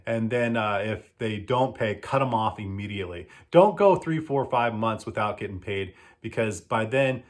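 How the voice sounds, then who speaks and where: A man who runs a lawn care business, giving casual advice and telling animated stories in which he acts out both sides of the exchanges. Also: on the low side, normal speed, few pauses.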